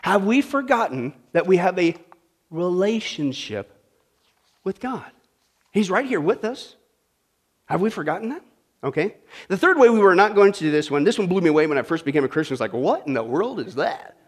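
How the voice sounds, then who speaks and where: A man with a high voice preaches a sermon. He is animated and humorous, and he often checks in with his listeners as he goes. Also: fairly quick, long pauses. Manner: animated, humorous, talks straight to the audience. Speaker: pastor.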